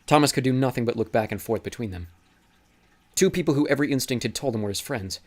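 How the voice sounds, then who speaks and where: A man narrating an audiobook in a steady, dramatic reading style. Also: medium pitch, fast. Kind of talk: scripted narration.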